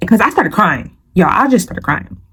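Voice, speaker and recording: A young woman vlogger with a husky, medium-pitched voice tells a story at a moderate pace. Animated and slangy, she speaks straight to viewers, calling them "you guys" and "y'all."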